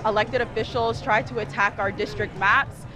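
A woman's voice: fairly high pitch, fairly even intonation, moderate pace, crowd noise, poor audio. Young woman organizer, earnest and determined, talking at a rally. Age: 20s. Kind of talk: interview clip.

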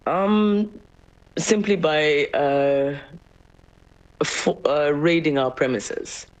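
A woman's voice: deep voice, extremely slow, rough recording. A woman, a media managing director, answering interview questions hesitantly with many fillers and short replies.

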